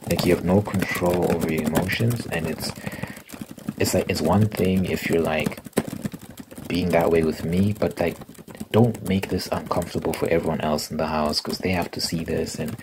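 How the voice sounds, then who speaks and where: A young man telling a story in a soft-spoken ASMR style, casual and rambling with fillers. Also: low-pitched, steady tone, moderate pace, noisy background. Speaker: ASMR creator. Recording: keyboard clicking and typing sounds behind.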